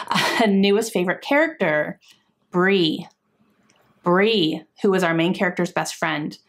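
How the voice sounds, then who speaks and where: A woman book vlogger chatting casually and gushing enthusiastically about books she loved, laughing often. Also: on the low side. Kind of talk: casual chat.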